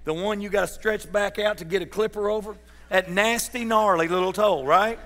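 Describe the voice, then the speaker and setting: A man's voice: sits high, steady tone, moderate pace, a bit bright, in a large hall. A man preaching a sermon as pastor, folksy and joking, putting questions to his congregation. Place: church sanctuary.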